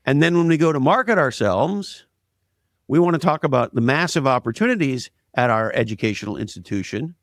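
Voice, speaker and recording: Male guest, blunt and emphatic storyteller, average pitch, dry close-mic sound. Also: lively intonation, a little fast, no room sound. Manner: emphatic, blunt, makes points with anecdotes. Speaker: interview guest. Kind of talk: conversational interview, storytelling.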